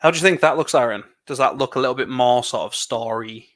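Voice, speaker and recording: Bright-voiced chatty English man. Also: medium pitch. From England. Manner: chatty, rambling, quick laughs. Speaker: livestream co-host building LEGO. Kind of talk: casual chat.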